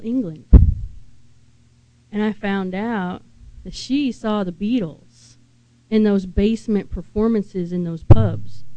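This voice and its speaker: In a mellow mid-range voice, a woman delivers an earnest, unhurried sermon full of questions for her listeners. There's no echo, though the high frequencies are cut off.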